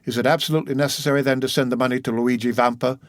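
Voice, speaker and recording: A man reading an audiobook, voicing an earnest young gentleman who presses his case out of worry for a friend. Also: medium pitch, fairly even intonation, racing, dry recording, close to an everyday voice.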